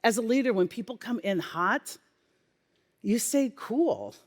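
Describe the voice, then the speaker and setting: A woman giving a keynote on stage, telling a workplace story with lively acted-out dialogue. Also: fairly high pitch, a little slow. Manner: animated storyteller acting out dialogue. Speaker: keynote speaker, former healthcare leader. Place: conference stage. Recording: long reverb of a conference hall.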